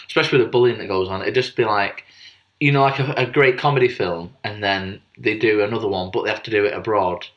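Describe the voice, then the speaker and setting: A man's voice: on the low side, fast talker, muffled recording. A young man co-hosting a casual podcast chat, teasing his co-host with jokey banter.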